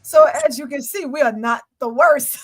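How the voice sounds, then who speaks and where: A woman's voice: sits high, moderate pace, a little hiss or hum. A woman co-hosting a casual sports talk show, reading scores and teasing her co-host with frequent laughter. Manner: playful, teasing, laughs often.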